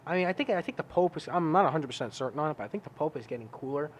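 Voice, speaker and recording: Fast-talking man telling animated stories. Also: on the high side, a little hiss or hum. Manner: animated storyteller, acts out his own outbursts, swears freely. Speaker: podcast co-host. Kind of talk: casual chat.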